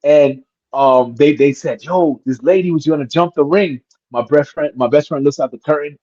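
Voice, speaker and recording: A man guest on an interview, telling stories in a casual, animated way and acting out the voices of the people in them. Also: fairly high pitch, normal speed, no room sound, muffled recording. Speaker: guest wrestler.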